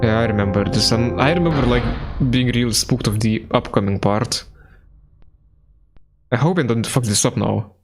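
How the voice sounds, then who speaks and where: A man's voice: medium pitch, moderate pace, faint music behind. A male streamer giving casual, laid-back commentary while playing a game, swearing often and laughing at himself.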